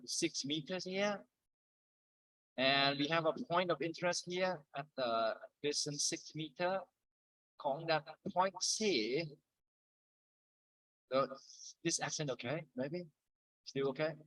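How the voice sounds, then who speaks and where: A middle-aged male lecturer with a slightly high voice, keen and bright in tone. He talks a university class through the material in a loose, chatty way, dropping joking asides between points. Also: poor audio.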